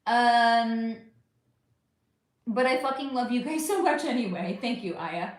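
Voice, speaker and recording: A woman's voice: fairly high pitch, measured pace. An American woman hosting a livestream, chatting casually with viewers and reading out their comments, affectionate and swearing freely as she calls them honey. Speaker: livestream host. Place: at home under a bright light. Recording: very echoey room.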